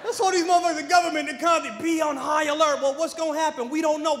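A brash, high-voiced man with a New York accent rattles through a profane stand-up set. He drops to a mutter, then bursts into shouts. The sound is echoey, from a big hall with a crowd behind him. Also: fairly even intonation, quick pace, few pauses, a little hiss or hum. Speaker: stand-up comedian. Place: large comedy venue with a live audience.

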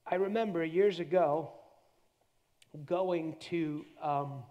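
A middle-aged man preaching a sermon at a church conference, animated, dropping into a hushed voice when he acts out prayers. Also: a little high, takes it slowly, highs cut off.

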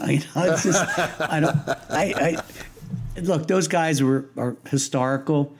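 An older man speaks in a husky, slightly high voice, taking his time as an interview guest. He works as a lighting designer and tells loose, rambling anecdotes full of fillers, restarts, and wisecracking humor.

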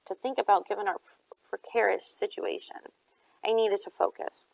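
Woman reading aloud with vocal fry. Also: mid-range voice, fairly even intonation, normal speed, low-quality recording. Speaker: audiobook reader. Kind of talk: audiobook narration.

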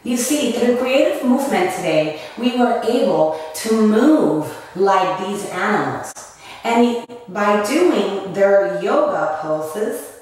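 A woman teaching a children's yoga and movement lesson, telling an animal story in a slow, singsong way. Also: medium pitch. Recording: echoey room from a distance.

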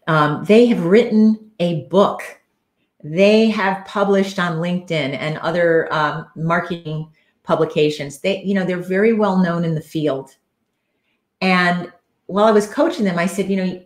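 A woman's voice: low voice, roomy sound. A woman coach giving an earnest, conversational solo talk on a live stream, with frequent fillers.

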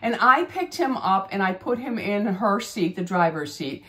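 Rambling, chatty woman in her fifties hosting a casual beauty vlog, average pitch. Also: expressive, moderate pace, fairly bright tone. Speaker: beauty channel host. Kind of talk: casual chat.

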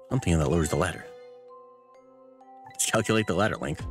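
Un homme qui commente en direct un jeu narratif, avec des apartés moqueurs et bavards. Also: male voice, deep voice, animated, quick pace, long pauses, faint music behind. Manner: wry, chatty asides. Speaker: streamer playing a story game. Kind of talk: casual let's-play narration.

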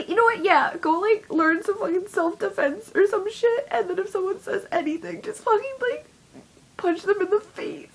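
A young woman with a high voice talks straight to camera in a confessional vlog monologue. She rambles, swears heavily and runs herself down as she goes. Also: normal speed. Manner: rambling, heavily profane, self-deprecating. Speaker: YouTuber.

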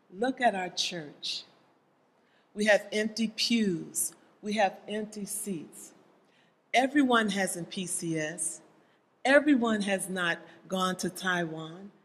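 A preacher delivering a sermon to a congregation, pressing the listeners with pointed rhetorical questions. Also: medium pitch. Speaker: church speaker. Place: church sanctuary. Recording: long hall reverb in a church.

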